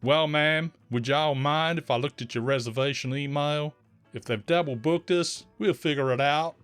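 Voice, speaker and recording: A man's voice: fairly high pitch, normal speed, a bit bright, clean tone, no room sound, faint music behind, voice pushed up, natural voice. A man putting on a sugary Southern mom drawl. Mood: sugary polite. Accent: put-on Oklahoma Southern. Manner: sugary politeness turning blunt. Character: polite but firm young mother, faux Southern drawl.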